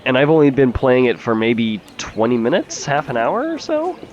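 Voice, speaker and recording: A man's voice: medium pitch, huge pitch swings, normal speed, highs cut off. A man giving casual, chatty gameplay commentary as a let's play host, swearing freely and laughing easily.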